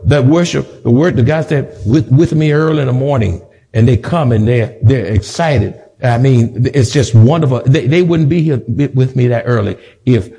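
A man's voice: mid-range voice, warm tone. A man preaching a sermon as pastor, emphatic and repetitive with joking asides. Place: church sanctuary.

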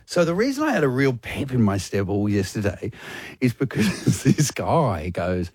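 Lively Australian man telling a story. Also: medium pitch, normal speed, breathy edge, no echo, studio quality. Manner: animated storytelling, laughs at himself. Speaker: radio host. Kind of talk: casual on-air banter. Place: radio studio.

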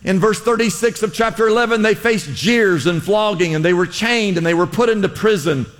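High-voiced male pastor preaching in a hall. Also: brisk. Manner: preaching with swings between loud exhortation and quiet emphasis. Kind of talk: sermon. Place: large church hall. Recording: long hall reverb.

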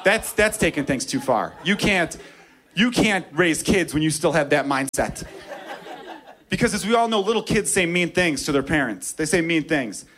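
A man's voice: a little high, expressive, normal speed, fairly bright tone. A man doing brash, self-mocking stand-up comedy and laughing at his own lines. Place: comedy club. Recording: club with audible crowd.

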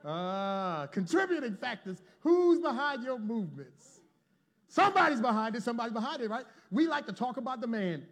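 High-voiced preacher swinging loud to hushed. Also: male voice, sing-song, normal speed. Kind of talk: sermon. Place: church before a congregation.

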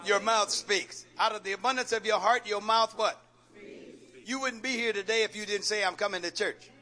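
A pastor with a high, bright, forceful voice preaches at a moderate pace. He calls out questions for the congregation to answer and repeats phrases, mixing in folksy jokes.

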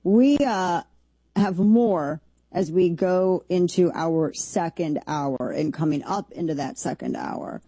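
A woman hosts talk radio with mellow, darkish tone and a slightly husky edge. She riffs in an incredulous, rambling, jokey way, and the sound is dry and close. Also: lowish voice, slow, dry recording. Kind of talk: opinionated talk radio commentary.

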